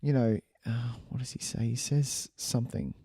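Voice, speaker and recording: A man co-hosting a casual film podcast, agreeable and quick to laugh. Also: medium pitch, fairly even intonation, mellow, slightly rough, no echo, studio quality. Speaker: podcast co-host. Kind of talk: casual chat about a film.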